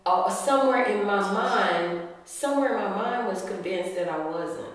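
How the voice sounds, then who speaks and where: A woman, a podcast guest telling her story with animated quotes and frequent laughter. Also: medium pitch, normal speed, far from the mic. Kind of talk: storytelling interview chat. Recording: echoey room, voice from the mic.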